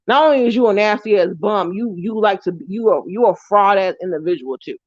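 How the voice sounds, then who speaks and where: A woman goes off on a live stream, heated and cursing, circling back to the same insults over and over. Her voice sits at an ordinary pitch, and the sound is dry and a little dull, with no room around it. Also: expressive, fairly quick, dry recording. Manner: heated, repetitive, profane ranting. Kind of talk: angry ranting live stream.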